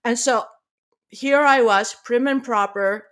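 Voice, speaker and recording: High-voiced woman telling a lively story. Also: takes it slowly. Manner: animated, expressive storyteller. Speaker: guest, pediatrician. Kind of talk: storytelling in a podcast interview.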